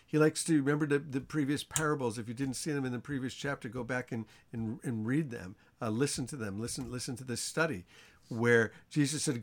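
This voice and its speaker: A man teaching an informal Bible study sermon in a conversational way, asking his listeners questions and acting out the characters' lines. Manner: animated storytelling, acts out the characters' lines with rising pitch.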